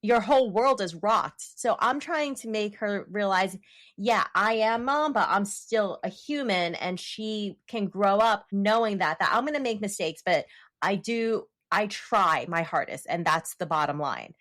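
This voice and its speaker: A woman shares stories on a casual podcast. Her pitch moves freely up and down as she talks, in an easy, conversational way. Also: expressive, unhurried, a bit bright. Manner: conversational storytelling. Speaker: podcast co-host. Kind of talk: casual chat.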